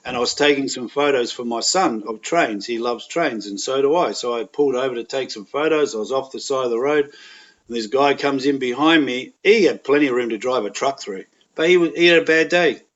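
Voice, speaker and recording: A man's voice: mid-range voice, brisk, fairly bright tone. An Australian man speaking as a podcast guest, telling frank, plain-spoken anecdotes in a candid, conversational way. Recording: dull lo-fi audio.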